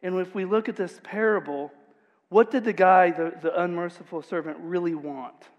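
A man's voice: high voice, normal speed, lo-fi sound. A man preaching a sermon as pastor, retelling a parable in an emphatic, conversational storytelling way. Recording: long hall reverb.

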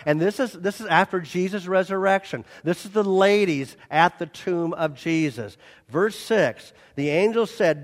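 A man preaches a sermon with a high voice, reading scripture in an even tone before swelling loudly on quoted lines and appeals to the listeners. The sound carries a long reverb from a large church hall. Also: a little slow. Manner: animated preaching, surging loud on quotes and appeals. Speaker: pastor.

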